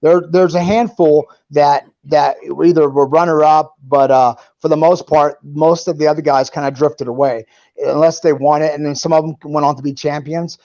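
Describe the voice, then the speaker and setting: Ex-fighter guest, middle-aged man, fillers and restarts, slightly higher voice, muffled lo-fi sound. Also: steady tone, normal speed, a little mellow. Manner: rambling, many restarts and fillers. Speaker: guest, former pro fighter. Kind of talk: casual conversation. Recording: dull lo-fi sound.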